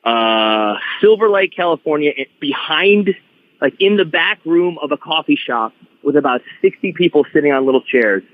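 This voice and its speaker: A man guest on a podcast, telling stories in an animated, restart-filled way over a phone-like line. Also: on the high side, moderate pace, dry recording. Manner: animated storyteller, many restarts. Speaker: guest wrestler. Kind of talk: casual podcast chat.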